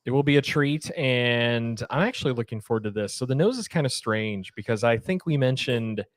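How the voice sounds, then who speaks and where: A man's voice: medium pitch, lively intonation, a little fast, no echo, studio quality. A man co-hosting a spirits tasting podcast, with an easygoing, joking manner. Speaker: podcast co-host. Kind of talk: casual chat.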